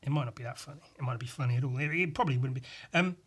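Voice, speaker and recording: Brief: young male podcast host, meandering sweary monologue, husky voice. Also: mid-range voice, rapid-fire, fairly bright tone. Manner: meandering, full of fillers and swearing. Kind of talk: rambling solo podcast monologue.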